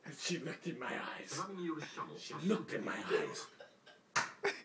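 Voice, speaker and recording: A young man improvising a loud, profane navy hero who brags through his tall tales and breaks into laughter. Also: mid-range voice, very animated, slow, very noisy. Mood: boastful. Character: brash boastful male navy hero telling tall tales. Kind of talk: improvised comic monologue.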